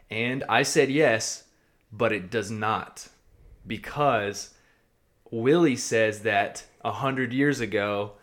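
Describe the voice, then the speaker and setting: A man with a lowish voice co-hosts a casual podcast. He talks in a relaxed, chatty way and builds eager fan theories as he goes. His wording is blunt and now and then profane. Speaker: podcast co-host. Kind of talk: casual chat.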